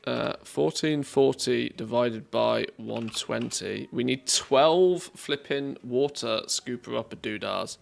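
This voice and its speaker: Gravelly streamer thinking aloud. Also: male voice, medium pitch, slow, few pauses. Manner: thinking aloud, chatty, laughs easily. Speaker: game streamer. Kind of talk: casual live-stream commentary.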